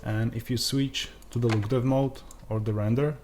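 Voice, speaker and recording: A man with an Eastern European accent giving a screen-recorded software tutorial, pausing often with uh and um. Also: mid-range voice, steady tone, slight background noise. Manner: hesitant, frequent uh and um fillers.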